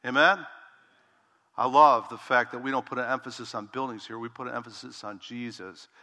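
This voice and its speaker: A man preaches a verse-by-verse sermon from the pulpit, his voice bright and forceful. He keeps it conversational and often calls for an "amen" from the pews. The sound carries a long reverb from a large church hall. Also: mid-range voice, fairly even intonation, a little fast. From Dutch heritage. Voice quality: bald preacher self-described. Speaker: pastor. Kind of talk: expository sermon.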